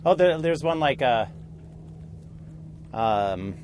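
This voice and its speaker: A man's voice: medium pitch, expressive, slow pace, darkish tone, a little hiss or hum. A man co-hosting a podcast, talking in a hesitant, hedging way during casual chat while hiking outdoors. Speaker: podcast co-host. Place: outdoor mountain trail.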